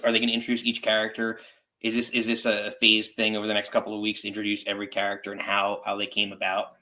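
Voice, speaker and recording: A man's voice: on the low side, pushed and bright. A man co-hosting a casual podcast, talking enthusiastically in long rambling runs with frequent restarts. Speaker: podcast co-host. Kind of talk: casual wrestling chat.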